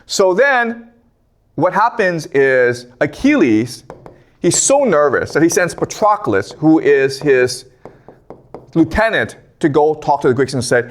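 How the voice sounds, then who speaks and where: Lecturer, man, lively swooping voice, a bit high, casual retelling. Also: slow pace. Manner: conversational, tags lines with "okay?".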